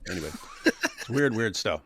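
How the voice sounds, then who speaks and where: A man's voice: lowish voice, sing-song, normal speed, a bit bright, slight background noise. A man co-hosting a casual livestream, joking around and reading viewer comments aloud in put-on voices. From Australia. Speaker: co-host reading live chat.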